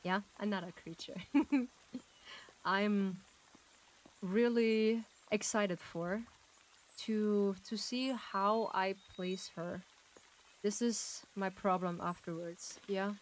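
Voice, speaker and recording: A woman's voice: medium pitch, takes it slowly, long pauses, poor audio. A woman streaming a game, chatting casually and gushing with frequent giggles as she thanks her chat. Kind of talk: casual live-stream chat while gaming.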